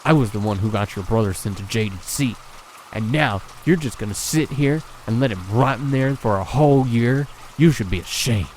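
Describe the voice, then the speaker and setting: A man's voice: medium pitch, normal speed, darkish tone, slight background noise, close to an everyday voice, poor audio. A man reading as a jeering boy bully. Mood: taunting. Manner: jeering, goading. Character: taunting violent boy bully.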